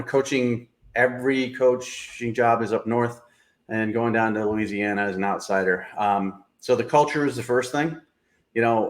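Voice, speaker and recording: A middle-aged man hosting a sports show, giving blunt, opinionated analysis in casual talk with lots of fillers. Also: mid-range voice.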